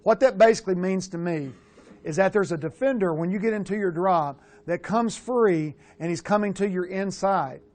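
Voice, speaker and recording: A middle-aged man coaching quarterbacks, talking bluntly through game film with casual swearing and animated asides. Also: high voice, normal speed. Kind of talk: film breakdown coaching talk.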